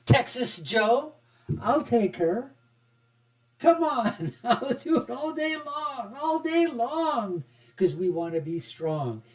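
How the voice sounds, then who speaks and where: A middle-aged man hosting an online political commentary show, sarcastic and animated, with chuckling asides. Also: fairly high pitch. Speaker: host.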